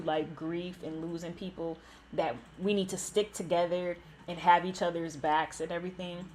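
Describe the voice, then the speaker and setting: A woman's voice: lowish voice, a little hiss or hum. A young woman, host of a gaming channel, telling a painful personal story candidly, with many "like" fillers.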